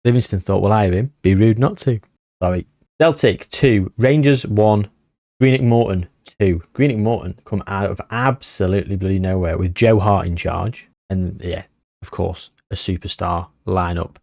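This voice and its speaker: A man's voice: low-pitched, normal speed, gravelly, a little mellow, dry recording, clean studio sound. A man casually commenting on his football management game, rambling with puns and self-deprecating jokes. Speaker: gaming YouTuber.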